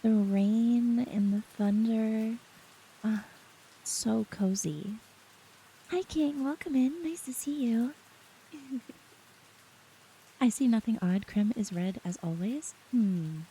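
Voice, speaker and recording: A woman streamer chatting softly and giggling often as she greets her chat, close to the mic with faint rain behind. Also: a little high, slow, pauses often, husky, low-quality recording. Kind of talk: soft-spoken live-stream chat. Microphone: close ASMR microphone.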